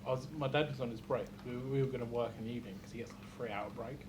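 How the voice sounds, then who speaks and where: A man's voice: mid-range voice, steady tone, very fast. Jokey young man, noisy. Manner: jokey, teasing. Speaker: podcast co-host. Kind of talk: casual chat.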